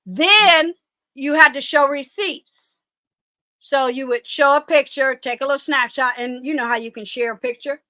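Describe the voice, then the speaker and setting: High, bright-voiced woman, blunt and animated. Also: moderate pace, no room sound. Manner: blunt, animated, profane streaming talk. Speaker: guest commentator. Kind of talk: casual chat.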